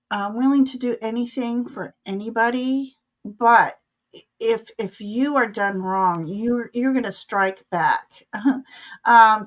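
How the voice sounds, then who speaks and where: A woman co-hosting a live stream, giving casual oracle card readings in a hesitant way with frequent ums and soft laughs. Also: a little high, poor audio.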